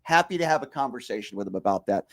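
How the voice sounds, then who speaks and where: A man's voice: mid-range voice, animated, racing, creaky. A man hosting a talk show, arguing with a caller and pressing the same question again and again. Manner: combative, repeats questions insistently. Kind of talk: heated call-in argument.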